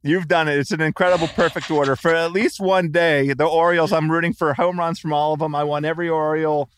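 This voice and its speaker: A man's voice: on the high side, fairly even intonation, quick pace, smooth. A man hosting a podcast, chatting casually and joking with guests. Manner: upbeat, jokey. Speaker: podcast host. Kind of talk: casual chat with ad read. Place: away on a trip, remote call.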